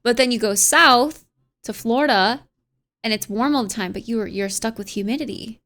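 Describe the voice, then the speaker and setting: A young American woman on a livestream, talking in a relaxed, chatty way from her home setup. Her voice sits a touch high, and she reads viewer messages aloud, mulls them over and laughs often. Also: moderate pace. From United States. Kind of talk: casual stream chat.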